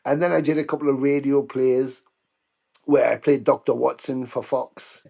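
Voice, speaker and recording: A middle-aged British man telling anecdotes in a casual interview, animated when he quotes others. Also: mid-range voice, normal speed, vocal fry. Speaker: guest musician.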